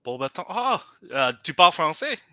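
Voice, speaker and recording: A man's voice: a little high, sing-song, a little fast, bright, forceful tone, pitched above the performer's own voice, exaggerated voice. A man voicing a friendly French Canadian villager with a put-on Quebec French accent, dropping in French phrases. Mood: cheerful. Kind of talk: tabletop role-play.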